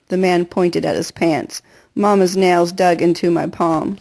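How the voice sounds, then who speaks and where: A woman reading a first-person novel aloud in an earnest, steady storytelling voice. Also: fairly low pitch, moderate pace, vocal fry. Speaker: audiobook reader.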